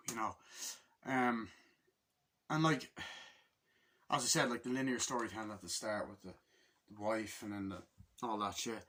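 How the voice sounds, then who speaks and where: A man giving a casual movie review, excitable and very profane, acting out the scenes he describes. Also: on the low side, moderate pace, long pauses, slight background noise. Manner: excitable and heavily profane, acts out scenes in loud impressions.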